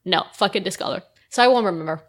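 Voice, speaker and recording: A woman's voice: mid-range voice, fast, a bit bright. Giggly, chatty podcast co-host woman. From Canada. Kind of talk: casual chat.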